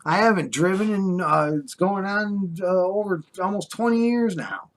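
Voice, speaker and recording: With a voice that sits high and a lively, moderately paced intonation, an older American man lectures the camera in a fervent, scolding rant. This vlogger slips in sarcastic asides in a drawl.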